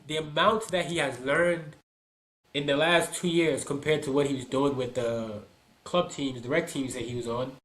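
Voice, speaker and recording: A man's voice: mid-range voice, moderate pace. A man in casual podcast chat about youth soccer, telling stories and acting out what people said. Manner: animated storyteller, acts out quoted people. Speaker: podcast co-host and soccer dad.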